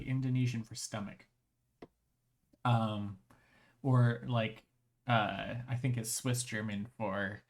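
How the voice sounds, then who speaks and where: This is a live streamer with a mid-range voice, chatting casually. The speech rambles and restarts, and the strained voice is interrupted by frequent throat clearing.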